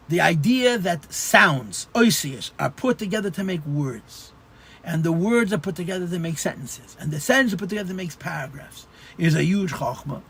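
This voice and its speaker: Gravelly husky rabbi expounding Chassidus. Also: male voice, sits high, sharp tone. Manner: explanatory, repeats phrases, stammers restarts. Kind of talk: Torah class at a farbrengen.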